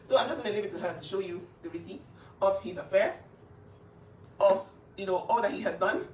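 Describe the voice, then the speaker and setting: A woman's voice: mid-range voice, a little fast, echoey room, recorded from a distance, slight background noise. A woman speaking up for her younger sister in an emphatic, insistent casual talk. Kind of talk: emotional casual talk to camera.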